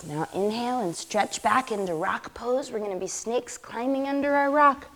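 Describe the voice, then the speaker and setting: A woman leading a children's yoga class in a studio, gentle and encouraging. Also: on the high side, moderate pace, a little hiss or hum. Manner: gentle, encouraging, playful with animal sounds.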